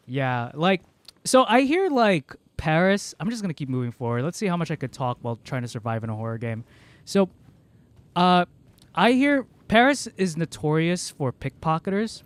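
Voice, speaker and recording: Rambling male streamer from the American South, slightly higher pitch, casual talk into a desk mic. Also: sing-song, clean tone. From Southern United States. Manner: rambling, chatty storytelling, quick laughs. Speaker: game streamer. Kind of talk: casual chat while playing.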